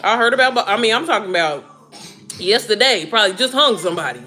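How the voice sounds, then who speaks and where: A woman in her thirties chatting casually to her viewers, animated and talkative, calling them girl and baby. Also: mid-range voice, fast. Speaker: vlogger talking to viewers while cooking. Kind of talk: casual chat.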